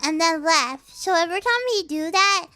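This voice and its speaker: Woman streamer, squeaky high and bright voice, giggly rambling slang lesson. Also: normal speed. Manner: giggly, rambling, with many restarts. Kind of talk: casual livestream explanation.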